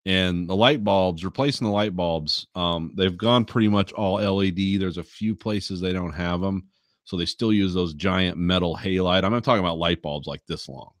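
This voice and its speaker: A man's voice: sits low, moderate pace, no echo, clean studio sound. A man hosting a podcast, telling a story in casual, swearing chat and laughing often. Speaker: podcast host.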